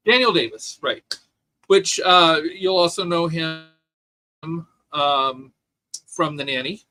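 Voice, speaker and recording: A man co-hosting a casual podcast chat, opinionated and animated, with many restarts. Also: on the high side, slow, low-quality recording. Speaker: podcast co-host.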